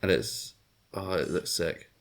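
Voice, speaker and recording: A man's voice: low voice, a little slow. A man chatting on a podcast, giving blunt, opinionated banter. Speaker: podcast co-host. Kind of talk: casual chat.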